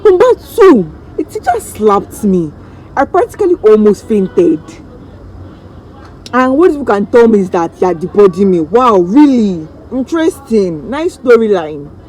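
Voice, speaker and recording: A Nigerian woman vlogger telling a story-time tale in an animated, dramatic way, acting out the voices of the people in it. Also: medium pitch, unhurried, a little hiss or hum, low-quality recording.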